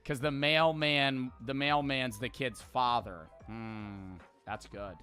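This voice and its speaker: Male streamer, chatty and amused, bright tense tone, mid pitch. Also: steady tone, slow pace, faint music behind. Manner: chatty, laughs at his own readings. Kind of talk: casual chat reading jokes from a book.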